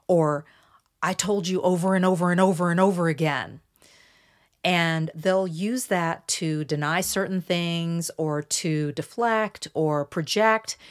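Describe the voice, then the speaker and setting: A woman hosting a solo podcast, calmly walking listeners through a numbered list of points. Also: low-pitched. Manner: measured, explanatory, walks through numbered points. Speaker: podcast host.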